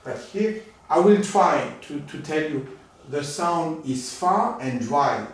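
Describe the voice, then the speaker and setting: A man giving a live demonstration lesson as a teacher, animated and coaxing, in a room at home. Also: a little high, slow. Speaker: echolocation teacher. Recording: very echoey room, far from mic.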